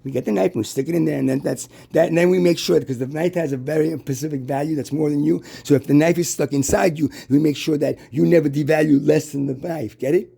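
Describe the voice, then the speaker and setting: Gravelly, husky male voice with a dark tone, rambling and preachy, full of restarts and rhetorical questions. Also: on the high side, steady tone. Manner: halting, restarts and stammers.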